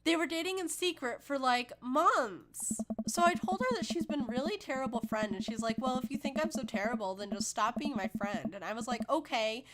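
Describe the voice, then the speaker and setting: A woman's voice: sits high, lively intonation, normal speed, hardly any pauses, over a noisy crowd. A woman voicing a heartbroken teenage daughter who rambles through her hurt. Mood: aggrieved. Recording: loud background noise.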